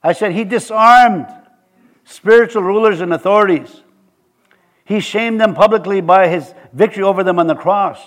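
A man's voice: sits high, fairly quick. A middle-aged man preaching a sermon in a conversational way, often repeating words and building to emphatic points.

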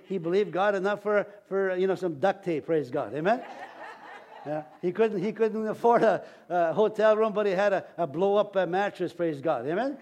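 A man's voice: high voice, a little mellow. A man preaching a sermon as pastor, in a folksy, rambling way with many restarts.

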